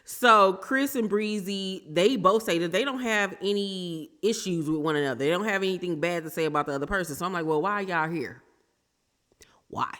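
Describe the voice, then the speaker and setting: A woman's voice: fairly low pitch, normal speed, fairly bright tone, in a large hall. A woman giving blunt, sassy commentary as she recaps a reality TV episode for her channel. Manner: sassy, blunt, throws shade. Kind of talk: casual opinionated commentary.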